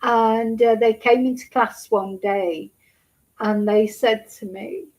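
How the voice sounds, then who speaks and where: A middle-aged woman with a fairly high voice talks to camera, close to tears. She rambles through a personal story, stopping and restarting her sentences. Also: steady tone, darkish tone, poor audio. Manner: halting, full of restarts and asides. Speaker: Spanish teacher and channel host.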